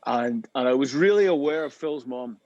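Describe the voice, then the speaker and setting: A man telling tour stories in a casual interview over a call, animated, often repeating words as he gets going. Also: medium pitch, moderate pace, no room sound, highs cut off. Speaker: interview guest, rock singer.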